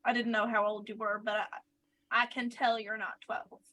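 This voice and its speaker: A woman chatting as a player at a tabletop game, teasing and casual. Her voice is bright and slightly raised. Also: a little high, little pitch movement, normal speed.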